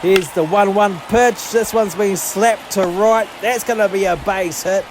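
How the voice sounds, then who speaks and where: A man doing excitable, sweary, jokey play-by-play commentary over a baseball video game he is playing as a gaming channel host. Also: sits high, measured pace, noisy background.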